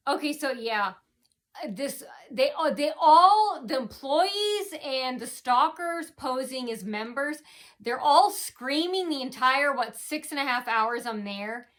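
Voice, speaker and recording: Here a female vlogger's voice sits high, with lively intonation, as she meanders through a long account of her own life. Her delivery is halting and packed with fillers and false starts, and her sentences frequently drift off quietly.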